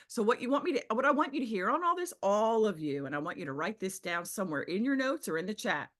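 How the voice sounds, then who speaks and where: A bright, lively woman coaching a group over a video call. Her pitch sits a bit high and swings widely as she talks with emphasis. Now and then she jumps into a squealing impression of someone else. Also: fairly quick. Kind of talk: animated coaching talk.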